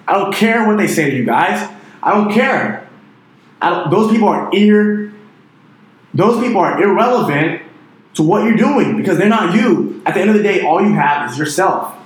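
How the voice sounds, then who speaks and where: A young man in his twenties delivers a fired-up motivational rant, swearing freely and hammering his points with conviction. His voice sits a bit high for a man. The sound bounces around a very echoey room. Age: 20s. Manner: intense, profane and emphatic, with repeated "dude" and "you know". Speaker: motivational online entrepreneur.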